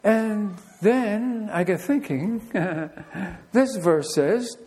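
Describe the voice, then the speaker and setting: Man preaching a chatty sermon, somewhat high voice. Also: very slow, darkish tone. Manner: conversational storytelling with rhetorical questions. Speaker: pastor.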